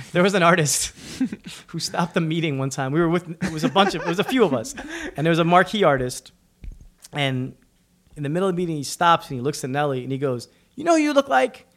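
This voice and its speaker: A man's voice: on the high side, fairly quick. A man from Suriname, a guest on a podcast, telling casual anecdotes and acting out the people in them. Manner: animated, acts out quotes in shifting voices. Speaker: podcast guest, record label executive. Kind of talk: casual storytelling.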